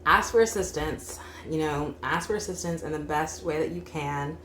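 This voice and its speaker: A woman's voice: sits low, moderate pace, fairly bright tone. A young adult woman giving a casual tarot reading, chatty, full of "like" fillers. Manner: chatty, frequent "like" fillers, laughs while talking. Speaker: tarot reader. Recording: echoey room with faint hum.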